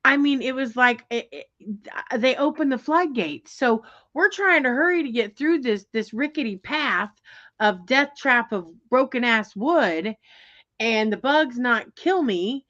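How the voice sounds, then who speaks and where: A woman telling a story in casual chat, animated and exasperated, with lots of fillers and restarts. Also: a little high, a little slow. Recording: dull lo-fi sound.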